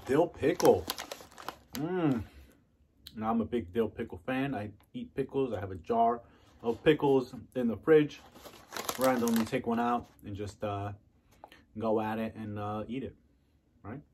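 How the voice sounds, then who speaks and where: A man reviews snacks casually on camera, chatting between bites and savoring each taste with long "mm" and "oh yeah" sounds. His voice is mid-range, and there's background noise.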